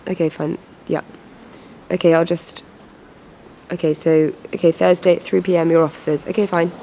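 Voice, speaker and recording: A woman's voice: fairly low pitch, little pitch movement, normal speed, mellow, a little hiss or hum. A woman producer in an improvised mockumentary, flustered and exasperated, often repeating herself.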